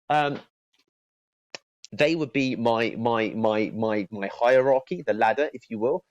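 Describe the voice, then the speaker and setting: A man's voice: medium pitch, unhurried, no room sound, dull audio. Man coaching cold calls, repeating himself. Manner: repeats words, acts out friendly phone openers in a lifted voice. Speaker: sales trainer. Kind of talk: casual spoken training talk.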